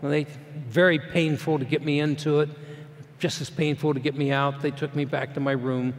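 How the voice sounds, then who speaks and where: A middle-aged man speaking as a motivational speaker, telling a personal story to a live audience in a plainspoken, folksy way that swings between hushed and loud. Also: fairly high pitch, little pitch movement, normal speed. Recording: long hall reverb.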